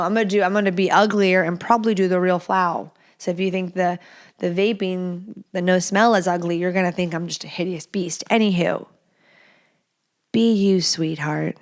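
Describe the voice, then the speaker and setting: A woman in her thirties hosting a solo podcast in a loose, unscripted way. She talks bluntly and swears freely, and she addresses her listeners directly. Her voice sits at an ordinary middle pitch for a woman. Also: clean tone. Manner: blunt, chatty and profane, talking straight to listeners. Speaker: podcast host. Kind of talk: casual solo podcast chat.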